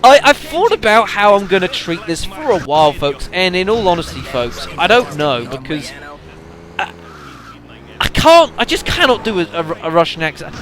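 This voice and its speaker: A man's voice: sits high, big pitch swings, moderate pace, a bit bright. A man giving casual gameplay commentary, rambling with lots of fillers and addressing the audience as folks. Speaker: let's play commentator.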